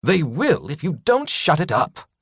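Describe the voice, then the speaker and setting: A man's voice: on the high side, huge pitch swings, slow, no room sound, clean studio sound, pitched above the performer's own voice, exaggerated voice. An audiobook narrator voicing an irritable bearded man who snaps his lines. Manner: snappish.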